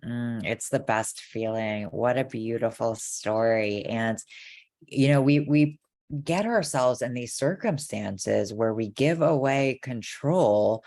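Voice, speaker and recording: An interview guest telling a personal story in a measured, reflective way. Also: medium pitch, darkish tone, no echo, studio quality.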